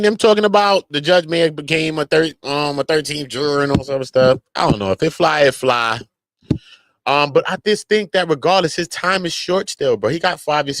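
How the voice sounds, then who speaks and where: A man giving casual online commentary, animated and slangy, often breaking into mocking impressions. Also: a little high, no room sound.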